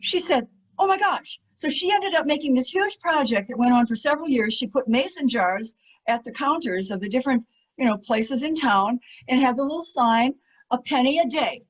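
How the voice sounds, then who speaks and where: A woman giving an enthusiastic storytelling talk as a guest speaker, animated, laughing often, with many fillers. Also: high-pitched, fairly quick. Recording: muffled lo-fi audio.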